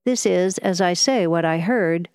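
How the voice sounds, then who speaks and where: A woman reading a weary, ailing gentleman. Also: unhurried, smooth, no echo, clean studio sound. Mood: subdued. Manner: low, meditative and subdued. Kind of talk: audiobook character voice.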